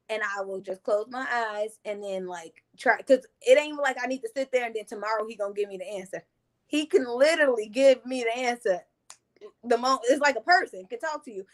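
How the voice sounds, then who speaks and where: Woman podcast host, earnest and reflective, a slightly high voice. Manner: earnest, spiritual, affirming murmurs. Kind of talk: casual conversation.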